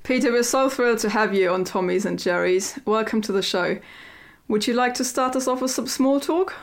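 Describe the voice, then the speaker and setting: A woman's voice: on the high side, normal speed. A woman co-hosting a podcast, reading wry, ironic scripted links and welcoming a guest. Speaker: podcast co-host.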